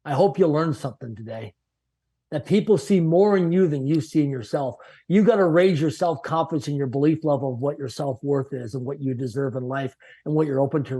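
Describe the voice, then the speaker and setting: A man's voice: medium pitch, warm tone, husky. A man voicing a blunt, chain-smoking male executive who lectures him directly.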